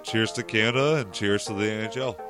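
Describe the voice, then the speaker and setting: Male podcast co-host, low-pitched, dry joker reading notes, music bed. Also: a little fast. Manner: jokey, deadpan asides while reading. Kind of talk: casual podcast banter, reading history notes.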